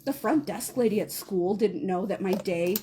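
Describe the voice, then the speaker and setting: A woman in her thirties, a podcast co-host, telling a chaotic morning story in a casual, animated way, often laughing and acting out quotes. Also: normal speed, a little hiss or hum. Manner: animated, laughing, acts out quotes in a high squeal.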